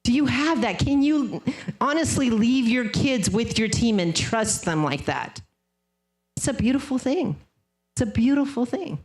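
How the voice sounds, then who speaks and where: A woman's voice: on the high side, expressive, a little slow, darkish tone. A woman speaking at a sales leadership seminar, emphatic and casual, often repeating phrases for effect. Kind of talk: motivational seminar talk.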